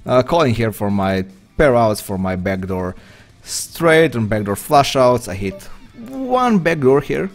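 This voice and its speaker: A man's voice: lowish voice, expressive, measured pace, hardly any pauses, faint music behind. A man chatting loosely with viewers while streaming an online poker game, rambling and self-deprecating. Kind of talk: live-stream chat while playing.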